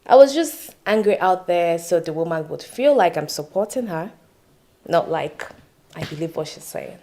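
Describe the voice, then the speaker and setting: A woman's voice: on the low side, lively intonation, moderate pace, warm tone. A teasing young Nigerian girlfriend. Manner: teasing, laughing. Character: young woman teasing her boyfriend.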